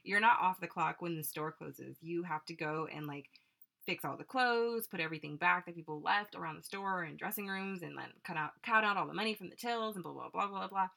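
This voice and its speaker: A woman's voice: fairly low pitch, a little fast, creaky, sharp tone. A young woman chatting casually and eagerly jumping in with details. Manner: eager, jumps in to add details. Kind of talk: casual chat.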